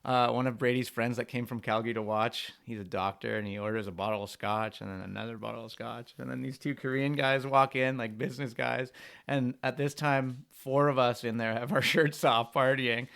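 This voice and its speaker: A young man from Canada, a pro freeskier, telling a rambling, animated story on a podcast and saying "like" a lot. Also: medium pitch, fairly quick, gravelly. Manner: animated, rambling anecdotes full of "like".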